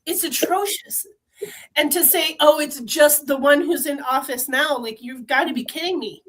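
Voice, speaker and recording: A woman with a bright, high voice, speaking with the full force of a trained singer. She talks fervently and bluntly, swearing freely as she makes her case in casual conversation. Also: moderate pace, low-quality recording. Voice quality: trained, strong voice. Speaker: podcast guest. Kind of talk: impassioned conversational rant.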